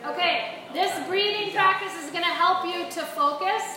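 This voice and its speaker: A woman's voice: very high-pitched, moderate pace, crowd noise. A woman instructor guiding a group of young players through breathing exercises and yoga poses, encouraging and asking the group questions. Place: large echoey room with a group of young hockey players. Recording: echoey room, distant mic.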